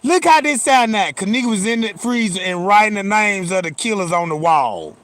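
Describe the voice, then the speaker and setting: A man giving reaction commentary, animated and profane, who keeps turning to his viewers with questions. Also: sits high, normal speed.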